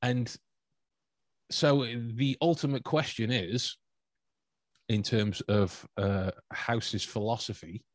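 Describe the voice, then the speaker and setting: A man hosting a podcast in casual chat, talking in halting bursts with many restarts and chuckles. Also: mid-range voice, fairly even intonation, dry recording. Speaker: podcast host.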